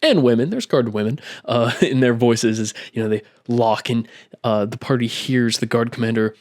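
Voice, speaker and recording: A man's voice: mid-range voice, moderate pace, darkish tone. A man in the middle of his range talks through a tabletop game he ran for friends. He is loose and chatty and keeps slipping into the players' lines. It sounds like a simple solo recap at his own microphone. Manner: chatty, acts out quotes with frequent "I'm like". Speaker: game master. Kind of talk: casual retelling of a tabletop game session. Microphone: own microphone at a desk.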